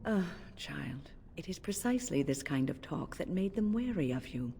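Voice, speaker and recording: An actress voicing a calm older female mage in a video game who lectures patiently and chides gently. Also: deep voice, normal speed, vocal fry, a little hiss or hum, full character voice. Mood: chiding. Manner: patient, chiding tone.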